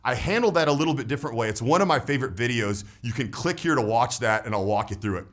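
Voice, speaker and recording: A man in his forties, a voice and status coach, talking through a coaching vlog in an animated way and tagging his points with "right?". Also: mid-range voice, quick pace.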